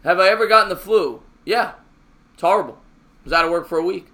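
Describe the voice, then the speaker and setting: A high-voiced man with a forceful, tense edge calls a ballgame pitch by pitch as a fan on a live stream. He chats with viewers between pitches and gets loud and excitable when a play breaks open. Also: brisk. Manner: excitable, raising his voice on big plays; chatty, answers viewer comments between pitches.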